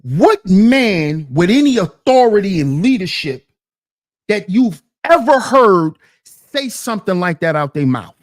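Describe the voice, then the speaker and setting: Slow, animated man preaching to his chat. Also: high voice. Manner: indignant, preachy, rhetorical questions to his chat. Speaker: commentary channel host. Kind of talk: reaction commentary to a debate clip.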